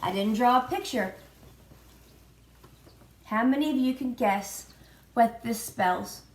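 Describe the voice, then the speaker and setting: A woman preschool teacher giving a children's virtual lesson, prompting slowly in a sing-song way and spelling out letters. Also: a little high, darkish tone. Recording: echoey room.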